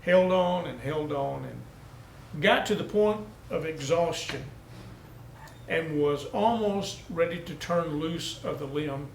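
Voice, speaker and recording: A man's voice: fairly high pitch, slow pace, gravelly. A man, a pastor, telling a folksy story during a sermon. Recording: echoey room with faint noise.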